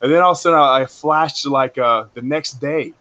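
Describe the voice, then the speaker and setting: A man calling in to a spiritual show and recounting a dream in a rambling, halting way. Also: medium pitch, sharp tone, dull audio. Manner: rambling, many fillers and restarts. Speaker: caller. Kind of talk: casual storytelling.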